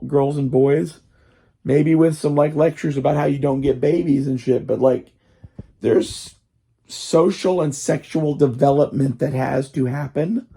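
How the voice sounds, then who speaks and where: A man's voice: on the high side, gravelly, dark tone, slightly rough. A man with a strained voice that he says he can barely talk in, rambling profanely in a casual monologue full of fillers.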